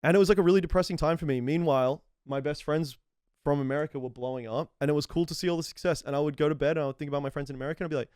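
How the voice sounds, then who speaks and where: An Australian man telling stories in a casual podcast chat, animated and quick. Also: on the high side, clean tone, dry recording, clean studio sound. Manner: animated storyteller. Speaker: podcast guest.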